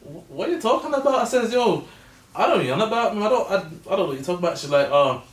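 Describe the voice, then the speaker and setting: A man's voice: high-pitched, big pitch swings, fast talker. A man, telling a story in casual podcast chat full of slang. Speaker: podcast co-host. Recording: echoey room, far from mic.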